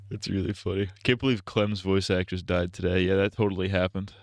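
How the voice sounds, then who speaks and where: A male streamer chatting casually over gameplay, rambling from joke to joke and laughing often. His voice sits low. The sound is dry and close on a desk mic. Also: flat delivery, normal speed, no echo. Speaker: streamer, host.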